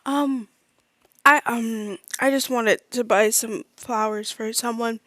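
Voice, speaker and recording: A woman playing in a tabletop game, speaking in a halting, hesitant way with fillers and restarts. Her voice sits fairly high and close to the mic, with a dry sound. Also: steady tone, fairly bright tone, dry recording. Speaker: player. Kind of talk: casual tabletop role-play.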